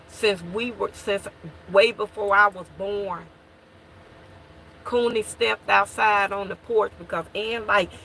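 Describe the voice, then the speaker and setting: A woman recounts her own story to viewers, slow and deliberate, with a bright, tense tone and a gravelly fry at the ends of phrases. She circles back and repeats words as she talks to her listeners. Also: medium pitch, a little hiss or hum. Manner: repeats and restarts while reliving events, calls to listeners. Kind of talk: emotional personal testimony.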